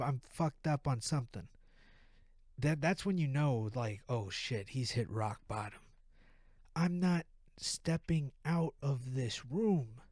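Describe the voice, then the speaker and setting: A man hosting a podcast, telling a profane comedic rant in an animated way from a room at home. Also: medium pitch, dry recording, studio quality. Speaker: podcast host.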